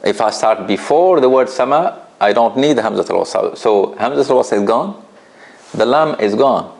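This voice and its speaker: A man's voice: mid-range voice, expressive, moderate pace, vocal fry, darkish tone. A man teaching a tajweed class in an office, patient and laughing often as he asks the students questions. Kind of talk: classroom lesson.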